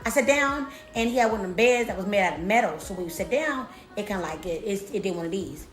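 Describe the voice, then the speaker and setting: A woman's voice: medium pitch, lively intonation, fast. A young woman telling a storytime to her viewers in a casual, slangy, profane way, often repeating herself. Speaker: storytime vlogger. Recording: roomy echo with faint music.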